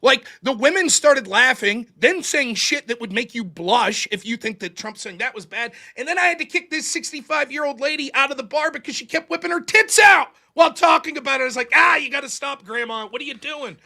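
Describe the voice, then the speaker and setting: A man's voice: extremely high pitch, expressive, a little fast, hardly any pauses, bright, forceful tone. A man hosting a call-in show, ranting profanely and mocking critics' voices. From United States. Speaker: host. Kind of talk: casual call-in show chat.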